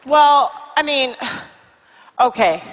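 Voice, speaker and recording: A woman's voice: sits high, animated, very slow, fairly bright tone, long reverb tail, full character voice. A woman playing a weary traveler who talks hesitantly and confessionally about her doubts in a motivational comedy skit.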